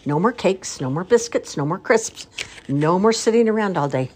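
An older woman voicing a bossy mother elephant in a storybook reading, brisk, firm and stern. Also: on the low side, animated, a little mellow, a little hiss or hum, pitched above the performer's own voice, lightly acted.

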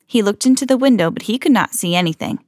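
A woman hosting a read-aloud podcast, reading a children's storybook and slowing down for the suspenseful moments. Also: mid-range voice, animated, darkish tone, dry recording, studio quality. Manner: slows down and swells for dramatic moments.

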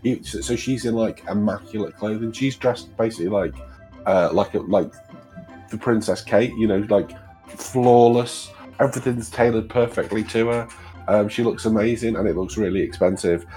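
A man's voice: fairly low pitch, normal speed, warm tone, faint music behind. Casual swearing man running a game. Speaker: game master. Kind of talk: narrating a tabletop game.

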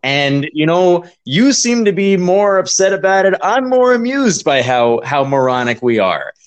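A man's voice: sits high, big pitch swings, a little slow, smooth, dull audio. A man co-hosting a podcast in casual chat, amused and self-mocking, laughing often. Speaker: podcast co-host.

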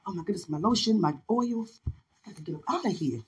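A woman's voice: lowish voice, lively intonation, fast, slightly rough. A woman hosting a podcast, chatting casually into her phone while getting dressed at home, playful and teasing, and a little out of breath. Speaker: podcast host.

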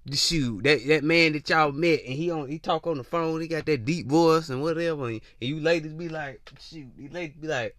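A man's voice: a little high, brisk, hardly any pauses, a bit bright. A young man hosting a podcast, giving a teasing, slangy comedic monologue full of repeats and mock voices. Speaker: podcast host.

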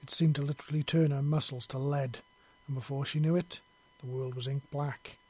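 A man narrating a story in a steady, plain reading voice. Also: medium pitch, brisk, slightly rough.

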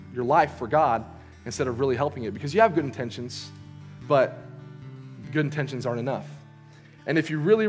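This youth preacher is a young man delivering casual sermon storytelling, speaking conversationally with lots of fillers and fast restarts. His voice rests at a regular mid pitch while gentle music plays quietly underneath.

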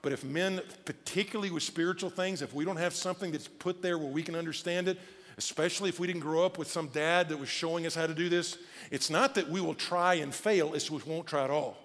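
A male pastor preaching a sermon in a conversational, animated way with casual asides, speaking. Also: fairly high pitch, brisk. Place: church auditorium. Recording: long church hall reverb with faint music.

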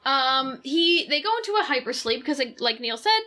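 A woman co-hosting a podcast in casual chat, chatty and animated, swearing freely. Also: sits high, normal speed. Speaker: podcast co-host.

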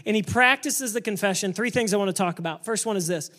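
A man preaching a sermon to a church congregation, energetic and emphatic, sometimes building up to shouting. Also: sits high, fast. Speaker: pastor.

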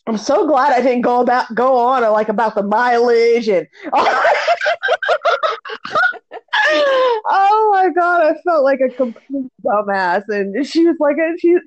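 Female co-host, high voice, giggly storyteller, slightly muffled audio. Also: moderate pace, few pauses. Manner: laughs a lot, animated retelling with pitch jumps. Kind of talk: casual storytelling chat.

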